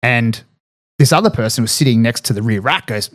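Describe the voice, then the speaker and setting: An Australian man, a podcast guest, telling a war story in casual chat and swearing freely. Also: medium pitch. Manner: fast, swears freely, lots of fillers. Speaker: podcast guest, former paratrooper.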